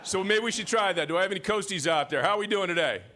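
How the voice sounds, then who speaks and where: A man's voice: high voice, very fast, background noise. A middle-aged man speaking as emcee at an award ceremony, joking and teasing the audience from a podium microphone. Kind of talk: ceremony emcee speech with jokes. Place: large hall at an award ceremony.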